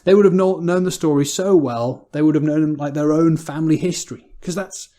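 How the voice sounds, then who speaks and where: Man, English accent, church sermon, mellow, warm tone, conversational, repeats his words. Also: a little high, brisk. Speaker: preacher.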